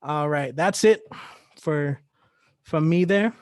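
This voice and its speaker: A man's voice: on the high side, slow, smooth, no room sound, studio quality. A man hosting a livestreamed open mic from home over a computer mic, performing rhythmic spoken word poetry full of wordplay and then teasing a guest in casual talk. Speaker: open mic host and poet.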